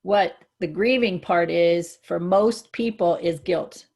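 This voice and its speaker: A woman co-hosting a casual spiritual chat, earnest and reflective, growing excited when she gives examples. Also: fairly low pitch, slow, creaky. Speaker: co-host.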